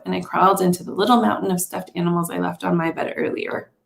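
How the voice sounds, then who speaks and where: A woman teacher reads a children's novel aloud in a calm, measured voice with a light gravelly texture. The recording sounds roomy, with a noticeable echo around her. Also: fairly low pitch.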